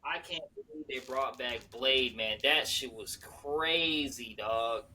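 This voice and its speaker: A man co-hosting a podcast in casual chat, excitable and slangy, swearing often. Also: medium pitch, slow. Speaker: podcast co-host.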